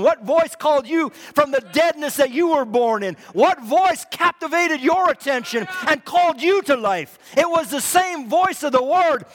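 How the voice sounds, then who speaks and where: A man preaching a fervent sermon in a church, repeating his lines and swinging from loud to hushed. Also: extremely high pitch. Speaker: pastor. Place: church hall. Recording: long hall reverb.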